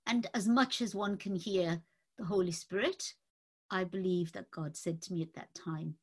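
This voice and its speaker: A woman telling a personal story in a halting, unhurried way, pausing often. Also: lowish voice, fairly even intonation, breathy edge. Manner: halting, unhurried recounting with frequent pauses and fillers. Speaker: speaker giving a personal testimony.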